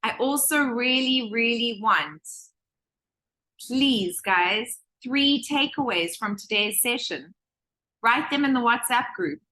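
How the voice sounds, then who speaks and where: Woman course teacher, high bright voice, animated, slips into quoted voices, on a video call. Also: slow pace. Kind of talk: live online group session.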